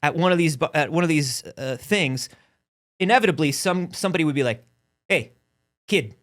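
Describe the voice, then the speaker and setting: A man's voice: fairly high pitch, fairly quick. A man co-hosting a casual talk show, telling a long funny story and acting out the voices of the people in it. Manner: animated storyteller, acts out quoted voices. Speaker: podcast co-host.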